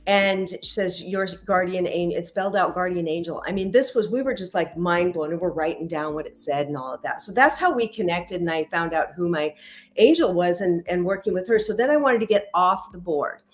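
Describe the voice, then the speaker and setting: A woman's voice: fairly low pitch, lively intonation, fairly quick, soft background music. A middle-aged woman, a matchmaker and intuitive reader, chatting as a podcast guest and acting out quoted dialogue as she tells stories. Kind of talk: casual interview storytelling.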